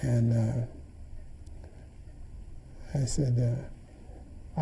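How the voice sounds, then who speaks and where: A man's voice: medium pitch, normal speed, gravelly, warm tone, slight background noise, rough recording. An older man in an interview, animatedly retelling events and acting out the dialogue he quotes. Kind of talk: storytelling in an interview.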